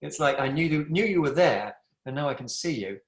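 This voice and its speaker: A man's voice: on the high side, lively intonation, a little fast, roomy sound. A middle-aged man leading a live online yoga class over a video call from his home, chatty, affectionate and rambling. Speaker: yoga teacher. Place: room at home with a wood stove.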